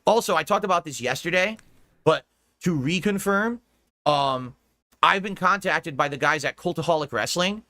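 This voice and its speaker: A man's voice: on the high side, animated, moderate pace, sharp tone, no room sound, studio quality. An American man streaming to his viewers in rambling casual chat, laughing often and swearing casually. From United States. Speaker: streamer talking to his audience.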